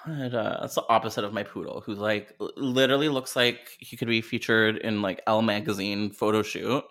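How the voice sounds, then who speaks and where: A podcast co-host chatting casually over a remote call, joking and mocking themself in a lively way. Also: medium pitch, a little fast.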